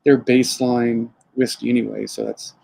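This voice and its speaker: Southern man, dark mellow tone, easygoing guest who chuckles at himself, video-call sound. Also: mid-range voice, normal speed, vocal fry, husky, poor audio. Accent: Southern American twang. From South Florida, raised in Alabama. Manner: relaxed, chatty, self-deprecating with chuckles. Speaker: distillery owner, guest. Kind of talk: casual live-stream interview.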